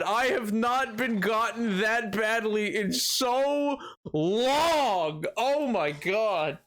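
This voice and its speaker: Excitable high-voiced young man streaming. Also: very slow, faint music behind. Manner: excitable, jokey, swings from mumbling to shouting. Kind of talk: casual live-stream chatter while gaming.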